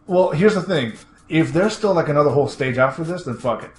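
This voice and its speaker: A man chatting casually while playing a game, rambling excitedly, laughing often and swearing casually. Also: fairly high pitch, fairly quick. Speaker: co-host of a retro gaming show. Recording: echoey room with faint background noise.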